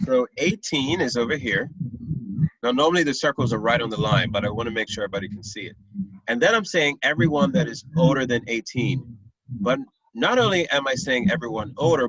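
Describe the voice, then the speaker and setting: A man's voice: medium pitch, a bit bright, breathy edge, no room sound. A young man teaching a math lesson online, often checking that his students follow. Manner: patient, checks understanding often. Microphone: computer mic on a video call. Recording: dull, lo-fi video call audio.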